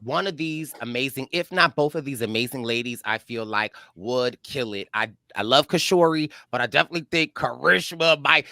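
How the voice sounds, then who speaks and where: A man's voice: mid-range voice, moderate pace, creaky, hardly any pauses, sharp tone, dry recording, studio quality. A man, co-hosting a recap show in an enthusiastic, loose and conversational way. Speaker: co-host, reality show recap. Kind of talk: casual chat.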